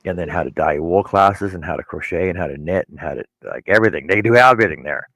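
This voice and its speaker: Man co-host, deep voice, loose rambling storyteller, dry mic. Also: quick pace, gravelly, a bit bright, no room sound, low-quality recording. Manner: rambling storyteller, many restarts. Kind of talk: casual chat.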